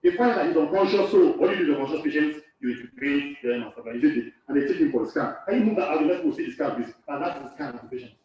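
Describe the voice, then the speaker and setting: This course lecturer from Nigeria races through a live talk to a hall audience with few pauses, his voice on the high side and his intonation lively. He keeps repeating key phrases and quizzing the room. The echoey recording sounds distant and dull.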